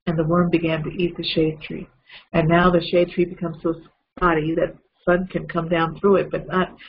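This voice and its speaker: A man preaching a lively, conversational Bible lesson, retelling a story with asides to his listeners. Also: fairly high pitch, muffled recording, slight background noise. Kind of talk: storytelling sermon.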